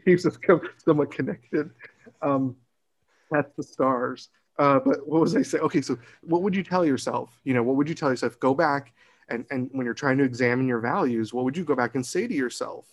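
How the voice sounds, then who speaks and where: A man's voice: mid-range voice, fairly quick. Reflective man in his late thirties. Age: 30s. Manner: reflective, rambling, frequent restarts and laughs. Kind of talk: casual conversation.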